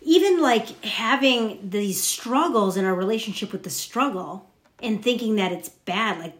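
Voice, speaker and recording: A woman's voice: medium pitch, expressive, a little slow, roomy sound. A woman co-hosting a spiritual chat, talking casually and reflectively with many fillers. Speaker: podcast co-host.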